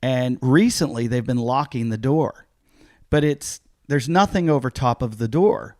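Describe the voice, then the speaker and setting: A man's voice: mid-range voice, a little slow, darkish tone, dry recording, clean studio sound. A man hosting a podcast, chatting casually and telling rambling stories full of "like". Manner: rambling storyteller, heavy use of "like". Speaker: podcast host. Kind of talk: casual chat.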